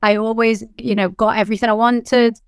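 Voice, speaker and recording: A woman in her thirties with a Liverpool accent, a company founder telling her story in a candid interview, animated and full of fillers. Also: fairly high pitch, brisk, clean tone, no echo, clean studio sound. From England.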